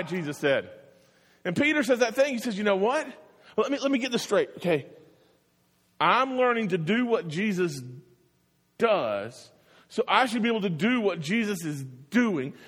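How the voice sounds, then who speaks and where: A man preaching a sermon, telling the story in an animated way and acting out the voices. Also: sits high. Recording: long hall reverb.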